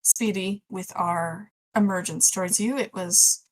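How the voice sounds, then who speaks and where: A woman's voice: mid-range voice, steady tone, measured pace, slight background noise, poor audio. A woman plays a tabletop game in a casual, playful way. She describes her character's actions with easy humor. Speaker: player.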